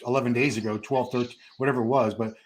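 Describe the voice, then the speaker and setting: A man's voice: medium pitch, steady tone, very fast. A man hosting a live bodybuilding watch party, speaking in a conversational, wry way. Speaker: host of a bodybuilding channel. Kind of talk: casual live-stream chat.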